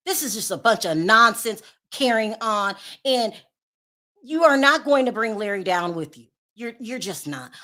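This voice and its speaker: A woman's voice: on the high side, bright, forceful tone. A woman hosting her own commentary show, talking casually with sarcastic, sassy asides and laughing at her own remarks. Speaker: commentary vlogger.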